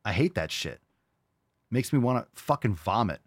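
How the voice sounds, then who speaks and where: A young man rants bluntly and profanely as a podcast host, mocking people in a raised, sing-song voice. His voice sits fairly low. The recording is close and dry, with no room sound. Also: big pitch swings, moderate pace, slightly rough, dry recording. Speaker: podcast host answering listener questions. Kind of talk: casual rant.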